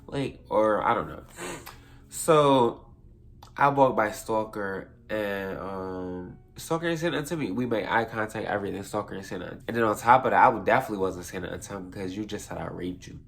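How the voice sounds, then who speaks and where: A young man with a slightly low voice tells a story to camera in a loose, chatty way. He swears freely, backtracks and restarts his sentences as he goes. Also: fairly quick, gravelly, a bit bright. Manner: rambling, profane, self-correcting. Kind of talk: casual storytime vlog.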